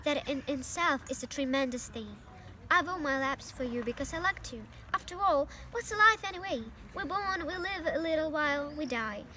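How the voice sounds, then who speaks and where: A young woman voicing a wise, gentle female spider who speaks softly and steadily, reading a storybook aloud. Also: high voice, animated, moderate pace, a little hiss or hum. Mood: tender.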